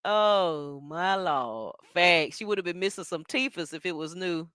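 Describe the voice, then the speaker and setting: A woman's voice: on the low side, a little slow, hardly any pauses, a bit bright, smooth, no room sound, studio quality. A woman hosting a watch party stream, reacting in casual commentary and talking straight to her viewers with laughs and asides.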